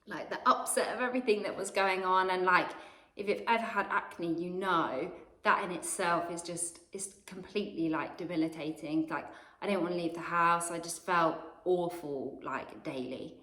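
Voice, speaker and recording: A woman's voice: fairly low pitch, normal speed, pushed and bright. A woman with a British accent telling a personal story in a rambling, confessional way. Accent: British English. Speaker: vlogger. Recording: roomy echo.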